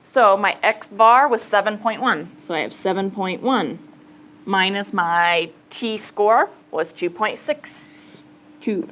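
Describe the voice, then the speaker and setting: A woman's voice: mid-range voice, takes it slowly, a bit bright, a little hiss or hum, rough recording. A woman math teacher giving a casual classroom lecture, thinking aloud and checking in with students. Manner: casual, chatty, thinks aloud, says okay often.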